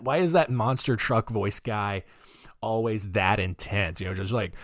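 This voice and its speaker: A man hosting a podcast, telling odd history stories in a rambling, jokey way, with a deep morning voice and lots of fillers. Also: unhurried, no room sound, studio quality. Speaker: podcast host. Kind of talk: casual comedic storytelling.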